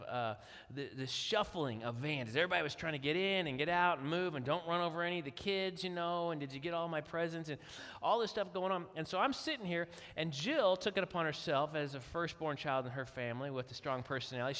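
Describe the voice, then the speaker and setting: A middle-aged man preaching with a bright, forceful voice, slightly higher than most men. He tells his story like a lively storyteller, and his words ring out with a long hall reverb. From Kentucky. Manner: animated storyteller acting out quotes. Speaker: guest speaker. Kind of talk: storytelling sermon.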